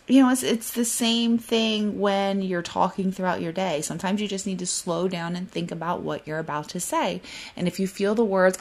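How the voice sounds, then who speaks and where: Hosting her podcast solo, this woman chats in a relaxed way, though she's an excitable, rapid talker who keeps reining herself in. She puts on a high voice to imitate someone apologizing in a fluster.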